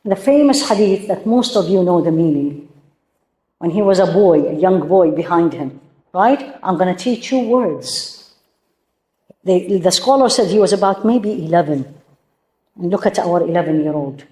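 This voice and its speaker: A woman's voice: lowish voice, lively intonation, moderate pace, warm tone, roomy sound. A woman teaching a religious talk to a room of women, emphatic and full of rhetorical questions. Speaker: Islamic teacher. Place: room with a live audience.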